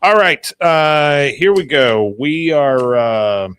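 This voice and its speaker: A man hosting a podcast, casually retelling a TV episode scene by scene with many filler pauses. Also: a little high, fairly bright tone, clear, resonant tone, dry recording. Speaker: podcast host.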